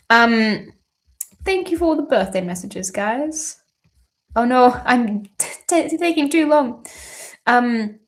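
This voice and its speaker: Reading out viewer questions on her birthday livestream, a young Australian woman chats loosely, filling the gaps with ums and casual curses. Her voice sits at a medium pitch.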